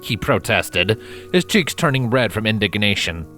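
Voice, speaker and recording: A man narrating a fanfiction story in a calm, steady read-aloud manner. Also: lowish voice, moderate pace, faint music behind. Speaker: fanfiction reader.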